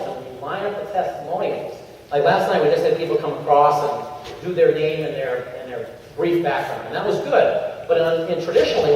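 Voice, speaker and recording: A man giving an energetic coaching talk to a convention crowd, acting out little scenes in changing voices. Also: a little high, a little hiss or hum. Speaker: motivational speaker at a sales convention. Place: large convention hall. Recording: echoey convention hall, far from the mic, dull sound.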